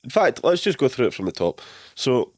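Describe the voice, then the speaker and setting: A man's voice: mid-range voice, very animated, a little fast, no echo, studio quality. A young man co-hosting a podcast, teasing his friend and swearing often in casual banter. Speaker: podcast co-host.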